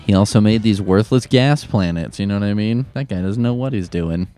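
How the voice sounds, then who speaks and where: A man's voice: on the low side, a little fast, mellow, soft background music. A young man hosting a comedic advice show, answering letters with sarcastic, profane rants. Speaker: advice-column host.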